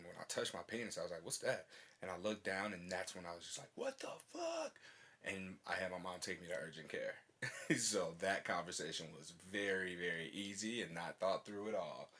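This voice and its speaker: A man hosts a podcast in relaxed conversation, speaking frankly and cursing casually while pausing to check he has understood his guest. His voice sits very low yet has a bright, forward edge. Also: slightly rough. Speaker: podcast host.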